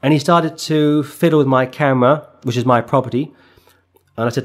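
Middle-aged man, street preacher; emphatic sermon delivery that rises to forceful bursts, mid-range voice. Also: mid-range voice, steady tone, brisk. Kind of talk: expository sermon on scripture.

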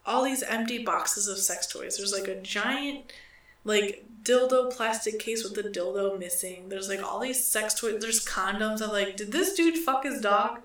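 A woman's voice: medium pitch, steady tone, measured pace, fairly bright tone. A young woman co-hosting a podcast, rambling through a profane story with lots of "like". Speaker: podcast co-host. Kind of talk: casual storytelling. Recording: echoey room, far from the mic.

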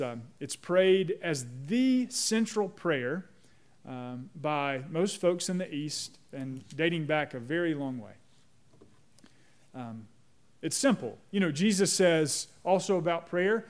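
Male pastor, sermon, measured delivery, slightly high voice. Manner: measured, slows down on prayer phrases; leads the congregation in repeating a prayer.

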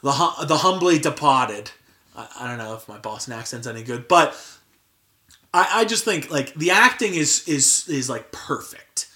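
A young man hosts a casual podcast at an ordinary middle pitch. His voice is bright and clear. He rambles loosely, peppering his talk with "like" and restarting his sentences. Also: expressive, moderate pace. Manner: filler-heavy, frequent "like" and restarts. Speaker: podcast host. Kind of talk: casual chat.

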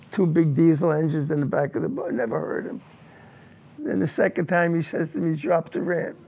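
An older man, a war veteran, telling his combat memories in an oral history interview, halting and repeating words as he goes. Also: on the high side, gravelly, darkish tone, slightly rough.

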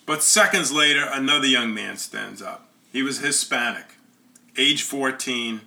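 A man's voice: mid-range voice, bright, forceful tone. A man telling a personal story in an earnest, conversational way.

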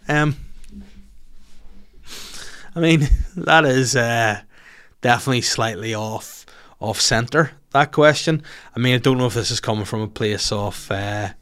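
A man's voice: mid-range voice, a little slow, pauses often, fairly bright tone, clean tone. A man in his thirties with a Northern Irish accent, hosting a podcast with a sweary, rambling, self-mocking comic rant. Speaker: podcast host.

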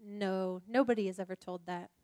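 A woman voicing a wise, gentle male lion king while reading a storybook aloud, calm and solemn. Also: mid-range voice, moderate pace, no room sound, studio quality, lightly acted.

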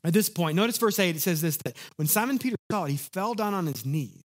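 A man preaching a sermon in an animated, conversational way, acting out the lines of the people in his story. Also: high-pitched, fast. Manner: animated, conversational, acts out quotes. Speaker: pastor.

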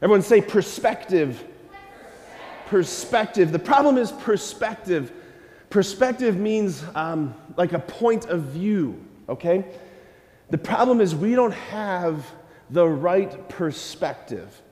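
A man giving a sermon to a church audience, animated, acting out prayers and asking listeners questions. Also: high-pitched, takes it slowly, long reverb tail. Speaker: preacher.

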